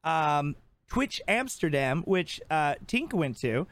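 A man co-hosting a podcast in casual chat, animated and fond of acting out voices, on a podcast microphone. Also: a little high, slow, no room sound. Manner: animated, acts out quoted voices. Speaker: podcast co-host.

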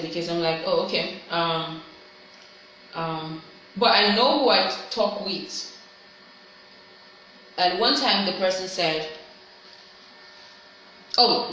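A woman speaks in an earnest, heartfelt personal monologue. Her voice is bright and sharp. It rings out in a strongly echoing room, with faint noise underneath. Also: fairly low pitch, takes it slowly, long pauses. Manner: earnest, heartfelt, self-encouraging. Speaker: vlogger. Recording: very echoey room.

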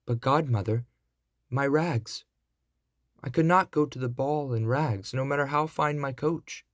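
A man voicing a sad, gentle young girl in a storybook reading, speaking softly and pleading. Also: mid-range voice, measured pace, no echo, studio quality, close to an everyday voice.

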